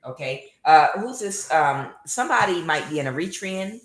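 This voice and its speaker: A woman's voice: low-pitched, expressive, normal speed, hardly any pauses, reverberant. A woman giving a casual tarot reading, mocking and scolding, with many filler uhs. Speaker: tarot reader.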